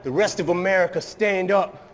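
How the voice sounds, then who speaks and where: A man's voice: high-pitched, normal speed, slight background noise. A man rapping a verse with a rhythmic, defiant delivery. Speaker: rapper. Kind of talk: rap verse. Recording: long hall reverb.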